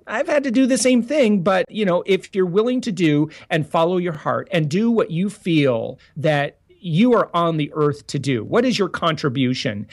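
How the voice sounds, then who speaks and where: An earnest man with a fairly high voice, answering interview questions in a loose, rambling way. He restarts sentences often and leans on fillers as he talks through his story. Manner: earnest and animated, full of restarts and "you know". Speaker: podcast guest, business founder. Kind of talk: casual interview talk.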